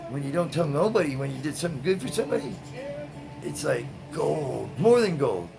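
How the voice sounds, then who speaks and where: A laid-back man talks straight to his viewers, stretching out his words and filling them with "man" and "you know." Music plays clearly behind his voice. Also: fairly high pitch, lively intonation, brisk, low-quality recording. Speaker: tie-dye video host. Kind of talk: casual storytelling to viewers.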